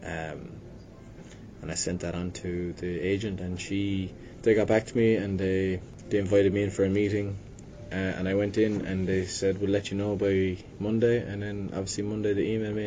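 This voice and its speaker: A man's voice: level tone, fairly quick, dark tone. A young man from Limerick with an Irish accent, chatting casually about his acting work, rambling and self-deprecating with many restarts. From Ireland. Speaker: actor guest. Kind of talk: casual interview chat. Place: hotel venue. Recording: noisy with low rumble.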